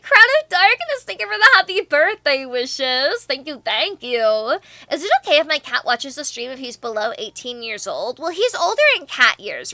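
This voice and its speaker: A woman's voice: a little high, vocal fry, sharp tone, dry recording. A young woman streamer chatting casually and reading out viewer comments, bubbly and playfully teasing.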